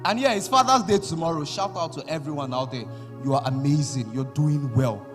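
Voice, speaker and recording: A man with a Nigerian accent performing dramatic, rhythmic spoken word poetry at a conference, with long pauses between phrases. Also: a little high. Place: large conference hall. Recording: hall reverb with music bed.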